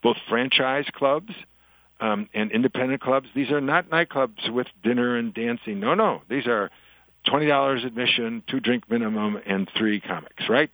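An older man, an author appearing as a guest, chats in an interview with a medium-pitched voice at a moderate pace. A storyteller telling jokes, he grows animated on the punchlines; the audio is poor but has no echo.

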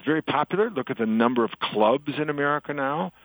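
An older man talks as an interview guest, in a chatty storyteller's way. His voice gets animated when he delivers punchlines. The room sounds dry and close. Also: on the high side, quick pace, no room sound, low-quality recording. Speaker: author and guest. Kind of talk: interview conversation, telling jokes.

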